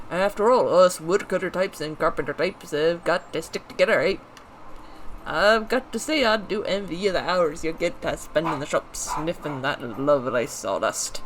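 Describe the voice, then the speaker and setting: A man's voice: sits high, a bit bright, slight background noise. A player voicing a friendly male woodcutter, putting on a thick, uncertain accent and reading game dialogue in a folksy, teasing way. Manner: folksy, teasing, calls people mate.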